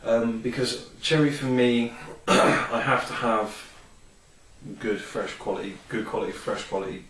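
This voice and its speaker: A man's voice: medium pitch, measured pace, fairly bright tone. A man reviewing a product in a casual, rambling vlog, full of ums and enthusiasm. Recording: roomy, distant from the mic.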